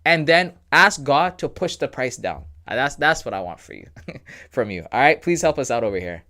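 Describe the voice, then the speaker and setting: A man's voice: mid-range voice, lively intonation, moderate pace, bright, forceful tone. Man, livestream host, casual and slangy, joking, reads chat aloud.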